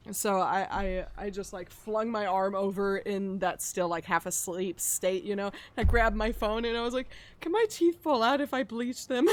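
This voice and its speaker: A woman streamer in casual chat, rambling through a long story with loose swearing and sudden loud, excited bursts. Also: medium pitch.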